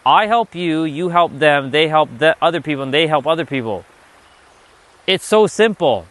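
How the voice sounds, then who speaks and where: A man's voice: fairly high pitch, lively intonation, moderate pace, fairly bright tone. A man giving a motivational livestream talk, emphatic and profane, often repeating himself. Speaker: livestream speaker.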